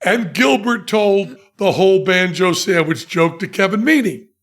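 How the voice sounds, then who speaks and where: High-voiced man spinning a comic story. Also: a little slow. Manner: animated storyteller who laughs mid-sentence. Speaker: podcast host.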